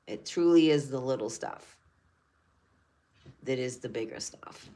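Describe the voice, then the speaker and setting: A woman's voice: extremely low pitch, a little slow, mellow. An older woman hosting a spiritual channel who talks earnestly in a rambling way and repeats her phrases. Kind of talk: casual livestream talk.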